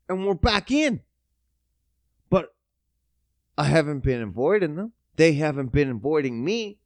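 A man hosting a podcast, ranting casually with lots of swearing and mocking, his voice jumping up and down in pitch. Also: no echo, clean studio sound. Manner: profane, animated, mocking ranting with sudden pitch jumps. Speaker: podcast host.

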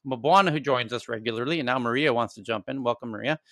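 Male host, bright forceful voice, bone-dry sound, animated storyteller. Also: medium pitch, fast talker, no echo. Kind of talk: casual live audio chat.

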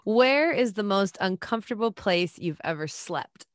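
Slow-talking playful woman. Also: mid-range voice, animated, dry recording, clean studio sound. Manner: playful, asks quick questions, laughs often. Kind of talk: casual chat.

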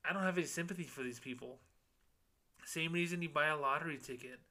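A former banker turned podcast host delivers a casual, sarcastic rant about money and scams, mocking complainers in put-on quotes. His voice is fairly high and pushed, bright, at a normal speed.

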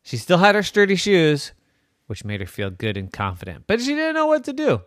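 A man's voice: high-pitched, huge pitch swings, a little fast, no echo, clean studio sound. A man telling an improvised bedtime story in a playful, sing-song way.

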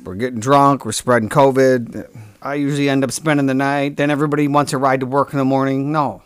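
A man hosts a comic podcast monologue, rambling in a deadpan way and often stopping to correct himself. His voice sits at a middle pitch. He talks close to the mic in a dry room. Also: quick pace, clean tone, no room sound. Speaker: podcast host.

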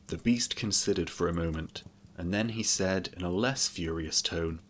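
A man reading a fairy tale aloud as a storyteller, in an even, measured way. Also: sits low.

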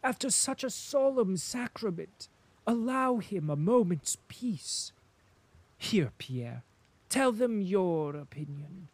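A man reading an audiobook who voices a scheming noblewoman, coaxing in a soft, honeyed, firm tone. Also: high voice, lively intonation, takes it slowly, slightly rough, dry recording, voice pushed up, exaggerated voice. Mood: pleading.

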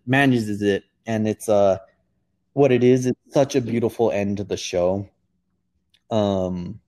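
Low-voiced young man recapping a show. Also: mellow. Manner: rambling retelling with many fillers and restarts. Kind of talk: casual chat.

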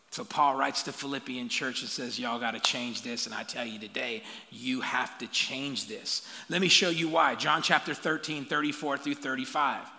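A man preaching a sermon as the pastor, animated, with call-outs and playful asides to the congregation. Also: a little high. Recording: long hall reverb.

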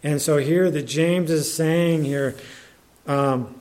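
A man preaching a sermon in a conversational, halting way, with many restarts and fillers, and reading scripture aloud in older English. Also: fairly high pitch, fairly even intonation, darkish tone.

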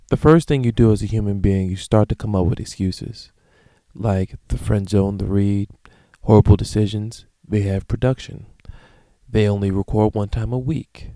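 A man in his thirties hosting a solo podcast, ranting in a profane, animated, comedic way. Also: fairly low pitch, dry recording. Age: 30s. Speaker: podcast host. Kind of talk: casual solo podcast monologue.

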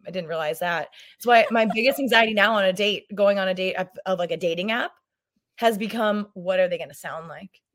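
A woman's voice: medium pitch, brisk, a bit bright. A woman in her thirties chatting as a podcast guest. She rambles, stumbles over her own sentences and laughs often as she talks. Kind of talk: casual chat.

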